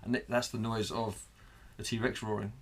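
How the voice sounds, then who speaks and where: A man's voice: fairly low pitch, steady tone, normal speed, very noisy. A man co-hosting a casual comedy podcast, chatting playfully and slipping into silly voices. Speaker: podcast co-host.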